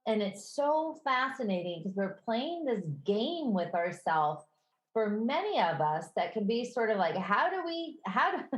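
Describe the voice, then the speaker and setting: A woman with a Midwestern accent co-hosting a podcast in casual chat, conversational and quick to laugh. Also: mid-range voice. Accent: Midwestern American. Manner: conversational, laughs easily, self-correcting. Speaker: podcast co-host. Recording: roomy echo.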